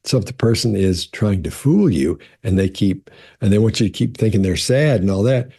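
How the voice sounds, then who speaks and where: A man with a low, dark voice and a husky edge talks casually as a body language expert answering questions. He is conversational and loose, repeating words as he restarts his thoughts. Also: animated, normal speed. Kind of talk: casual explanatory talk.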